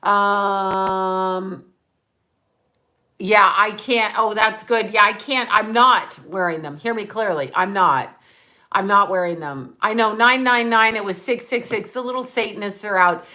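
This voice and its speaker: A woman's voice: medium pitch, measured pace, pushed and bright. A woman talking casually on a livestream, chatting, swearing freely and thanking viewers by name as she reads their comments. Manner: laughs often while talking. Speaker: livestream host.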